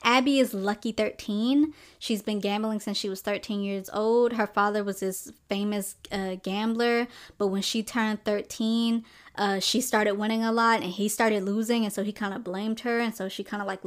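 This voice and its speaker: A woman's voice: medium pitch, steady tone, normal speed. Chatty young woman reviewing a book. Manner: chatty, sassy asides, acts out characters' lines. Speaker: podcast host. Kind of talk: casual book review chat.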